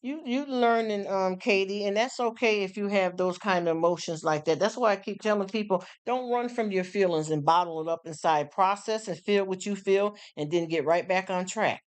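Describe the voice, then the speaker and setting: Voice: mid-range voice, normal speed, hardly any pauses, clean tone. A middle-aged livestream host chatting casually with viewers in a frank, emphatic way, full of repeated affirmations and rhetorical questions. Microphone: streaming setup.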